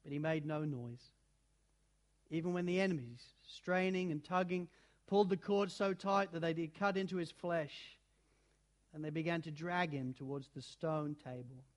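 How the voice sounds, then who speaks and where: A man reading a children's storybook aloud in an expressive, dramatic way, shifting between loud and hushed passages. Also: fairly high pitch, moderate pace. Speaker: narrator.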